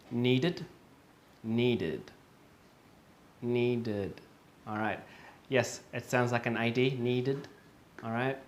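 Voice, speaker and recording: Male teacher, mid pitch, unhurried and patient, repeats each word, fills pauses with "um" and "uh". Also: a little hiss or hum. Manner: frequent fillers and self-corrections. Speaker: English teacher. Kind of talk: online pronunciation lesson.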